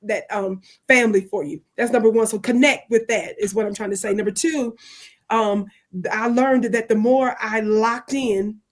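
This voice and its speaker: Woman spiritual teacher, slightly high voice, earnest teacherly panelist. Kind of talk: panel discussion.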